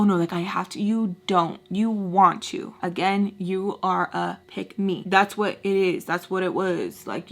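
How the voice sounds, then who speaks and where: A woman's voice: fairly low pitch, creaky. A woman telling a storytime on her vlog in casual chat, blunt and exasperated, leaning on "like" and swearing freely. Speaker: storytime vlogger.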